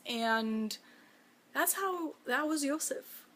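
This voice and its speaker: A woman who is the author of her own memoir, speaking in a personal, reflective monologue, halting and emotional as she fights back tears. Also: fairly high pitch, sharp tone.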